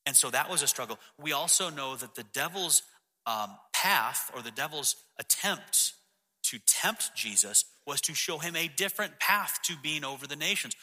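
A man preaching a sermon as the pastor, reading scripture passages in a lower, softer voice. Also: expressive, moderate pace. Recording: long hall reverb.

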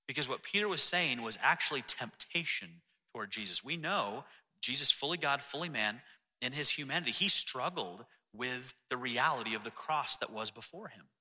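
Bright-voiced male pastor preaching. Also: expressive, normal speed. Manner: reads scripture quotes in a lower, softer voice. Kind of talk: sermon. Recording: long hall reverb.

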